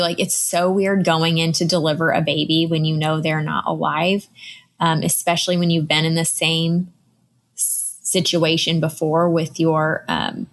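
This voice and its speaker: A woman in her thirties hosts a podcast and talks through a personal story in an unscripted, conversational way. Her voice sits a little low, and she fills her pauses with "um" and "like" while her emotion shows. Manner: conversational, emotional, with frequent fillers. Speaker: podcast host.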